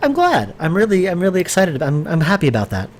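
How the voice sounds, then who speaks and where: A man's voice: sits high, huge pitch swings, fast, a little hiss or hum. A man casually thinking aloud as he works during a live stream, rambling with fillers and restarts, answering viewer chat. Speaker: game developer streaming his work. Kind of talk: casual live-stream commentary while working.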